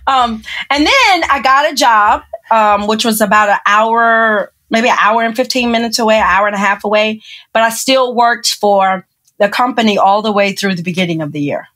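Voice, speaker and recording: A woman guest on a podcast, recounting her own story in relaxed conversation, laughing often and acting out the people she quotes. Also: fairly high pitch, normal speed.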